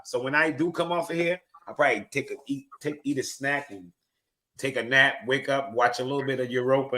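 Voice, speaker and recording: Male streamer, relaxed rambling host, bright ringing tone. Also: medium pitch. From New Jersey. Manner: loose, rambling, laid-back. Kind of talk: casual chat.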